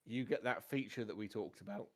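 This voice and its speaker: A man's voice: fairly low pitch, expressive, a little fast. Man running a tabletop game. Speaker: game master.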